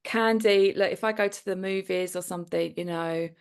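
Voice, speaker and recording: A middle-aged British woman from London, a TV producer guest chatting casually in an interview, talkative and quick to laugh. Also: lowish voice, steady tone, clear, resonant tone. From United Kingdom. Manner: chatty, laughs often, filler-heavy.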